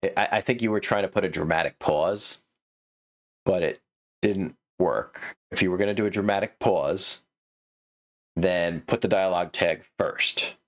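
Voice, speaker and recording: A man's voice: low-pitched, a little slow. A man giving a comedic critique of a manuscript, sarcastic, laughing often and stammering through restarts.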